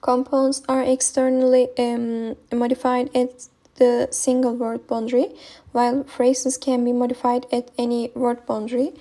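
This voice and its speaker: A woman's voice: on the high side, flat delivery, measured pace, dark tone. A young woman with a Turkish accent, a non-native speaker reading a linguistics presentation with many hesitations. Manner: hesitant, many ums and uhs.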